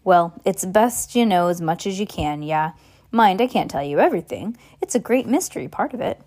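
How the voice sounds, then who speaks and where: A woman's voice: lowish voice, lively intonation, moderate pace, a little mellow. A woman voicing a big, kindly male groundskeeper who talks in a rustic dialect with dropped endings, in an amateur audiobook reading. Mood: worried.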